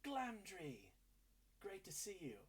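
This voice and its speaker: A man's voice: high voice, wildly swooping pitch, takes it slowly, pitched above the performer's own voice, full character voice. A man doing a sly, falsely friendly impostor. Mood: falsely cheerful. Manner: falsely friendly, smooth and knowing.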